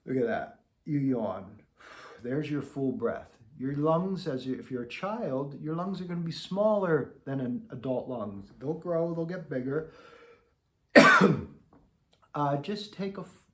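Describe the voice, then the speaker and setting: Brief: male music teacher, mid pitch, relaxed and conversational, recorded in a roomy, echoing space. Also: unhurried. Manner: easygoing, conversational, demonstrating as he talks. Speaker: trombone teacher. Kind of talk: relaxed instructional talk to camera. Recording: echoey room.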